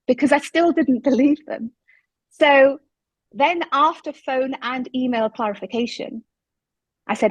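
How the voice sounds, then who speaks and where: A woman, a guest telling her story in an interview, emphatic and lively when she quotes what people said. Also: fairly high pitch, normal speed, dry recording, rough recording. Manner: animated, emphatic retelling with quoted dialogue.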